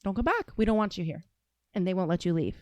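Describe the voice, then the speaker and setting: A woman's voice: mid-range voice, quick pace, a little mellow, no room sound, lo-fi sound. A woman in her thirties hosting a casual commentary show, ranting in a heated, sarcastic, profane way. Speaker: show host.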